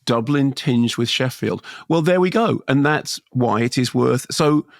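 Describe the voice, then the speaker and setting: A man's voice: mid-range voice, expressive, a little slow, gravelly, no echo, studio quality. A man co-hosting as a film critic, chatting casually with enthusiastic, self-deprecating restarts. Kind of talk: casual chat.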